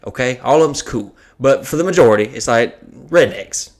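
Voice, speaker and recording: A man, a comedian and podcast host, telling a profane, animated story in casual chat. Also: mid-range voice, moderate pace.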